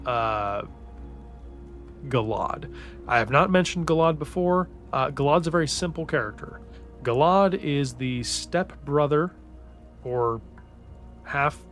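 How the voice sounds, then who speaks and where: A man's voice: mid-range voice, a bit bright. A man hosting a casual book recap podcast, rambling enthusiastically and swearing a lot. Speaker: podcast host recapping books. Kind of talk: casual chat. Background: faint background music.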